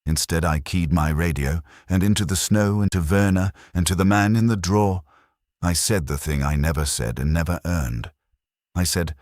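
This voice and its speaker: Very deep-voiced man, somber horror narration. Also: darkish tone, no echo, clean studio sound. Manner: measured, somber, confessional. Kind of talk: first-person horror story narration.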